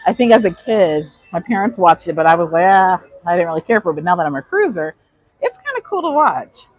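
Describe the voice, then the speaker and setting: Walking the indoor decks of a cruise ship, this woman streams a chatty live tour, slightly breathless as she responds to questions from chat. She speaks quickly and animatedly in a fairly low pitch. The rough recording has no room sound.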